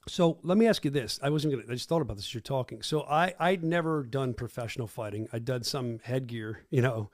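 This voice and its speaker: A man's voice: medium pitch, a little fast, hardly any pauses, no echo, studio quality. A man hosting a podcast, chatting casually and firing off eager questions. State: coughing from a lingering illness. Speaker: podcast host.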